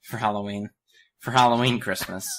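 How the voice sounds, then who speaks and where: Bright, lively young male podcaster. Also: on the low side, normal speed. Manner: animated, profane, acts out quotes. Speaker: podcast co-host. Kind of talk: casual comedic recap chat.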